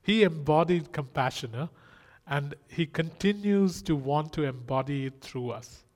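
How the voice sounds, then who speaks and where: Earnest male preacher, slightly high voice. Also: unhurried, darkish tone. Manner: earnest, exclamatory preaching with rhetorical questions. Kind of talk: sermon.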